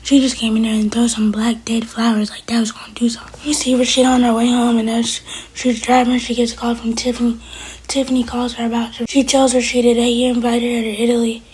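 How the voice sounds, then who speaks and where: A woman's voice: on the high side, level tone, fast, darkish tone, breathy edge, rough recording. A young woman vlogger casually retelling a TV episode, quoting each character in turn as she goes. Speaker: TV recap vlogger.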